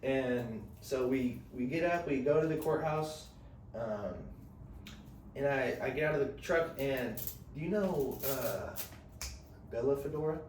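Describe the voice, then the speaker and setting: A man's voice: medium pitch, unhurried, a little mellow. Young man, podcast host, rambling slangy storytelling, echoey room, mic set back. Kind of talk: casual chat. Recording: echoey room, mic at a distance, faint noise.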